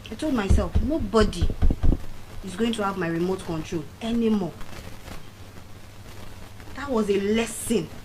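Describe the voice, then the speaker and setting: At a public speaking event with a noisy background, a middle-aged woman with a Nigerian accent gives a motivational speech. She's unhurried with long pauses, telling personal stories animatedly with dramatic swings in pitch and volume.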